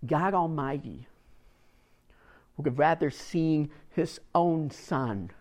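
A man preaching a sermon, emphatic and dramatic, swinging from hushed phrases to loud ones. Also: on the high side. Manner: emphatic, swings from quiet to loud, long pauses.

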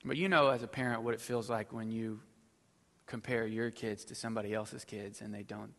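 A middle-aged man preaching a sermon as pastor, swinging between loud emphatic stretches and low, quiet asides. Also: fairly even intonation, fairly quick, big-room sound.

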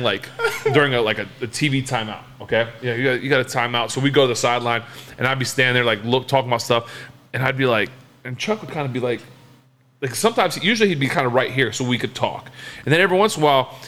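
Bright-voiced laughing man at a bar. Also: mid-range voice, lively intonation, quick pace. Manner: laughing storyteller, lots of "like". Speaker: podcast host, former quarterback. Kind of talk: casual bar chat.

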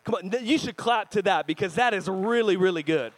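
A male pastor in his thirties preaching with lively, joking energy. He slips into playful put-on voices to tell stories. His voice sits fairly high for a man. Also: fairly quick, a little hiss or hum, poor audio. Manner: animated, jokey, acts out voices and screams. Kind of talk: sermon.

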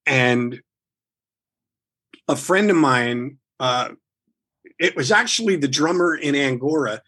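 Husky-voiced man telling a wild story. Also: mid-range voice, slow pace. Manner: animated, rambling with restarts. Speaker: guest musician. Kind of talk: casual storytelling, swearing freely.

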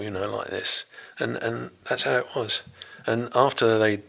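Older British ex-navy man, low voice with a bright edge, chatty and rambling as an interview guest. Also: fairly even intonation, moderate pace, gravelly, hardly any pauses. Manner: rambling, full of restarts and "you know". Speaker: interview guest, former navy rescue diver. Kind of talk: storytelling in a casual interview.

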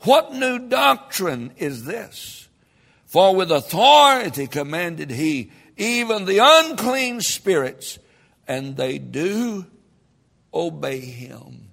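A man preaching a sermon as pastor, reading scripture and building emphatically to loud peaks. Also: high-pitched, sing-song, slow pace, creaky. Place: church sanctuary. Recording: long hall reverb.

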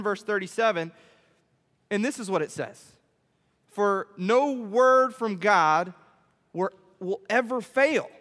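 A man preaching a playful sermon to a youth group, animated and constantly checking in with the room. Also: high voice. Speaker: youth pastor. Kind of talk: playful sermon with audience demo. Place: church hall. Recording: echoey hall reverb.

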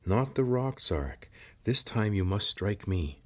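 Trapped young hero, urgent commands, a man reading it with a slightly lifted, husky voice. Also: on the low side, lively intonation, unhurried, voice pushed up. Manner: commanding, urgent, short orders.

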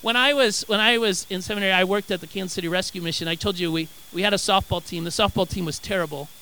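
A man's voice: high-pitched, fast talker, pushed and bright, poor audio. A man preaching a sermon. He reads scripture, acts out quotes with animation, and often restarts his phrases. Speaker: pastor.

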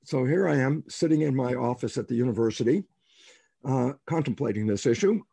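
A man telling stories as a guest in an interview, emphatic and animated, asking rhetorical questions and acting out the lines of people he quotes. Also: medium pitch, a little fast, creaky, slightly rough, no room sound. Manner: animated, acts out quoted dialogue. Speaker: guest biologist. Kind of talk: storytelling in an interview.

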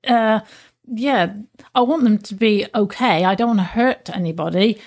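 A woman co-hosting a podcast in a casual chat, talking openly and emotionally with frequent restarts and pauses to search for words. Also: medium pitch, a little mellow. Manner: open and emotional. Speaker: podcast co-host.

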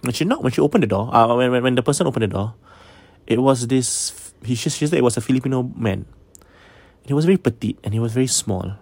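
A man's voice: mid-range voice, animated, fast talker, vocal fry, a little mellow, breathy edge, no room sound. A man casually telling a ghost story, mixing English with Malay and often checking in with his listeners.

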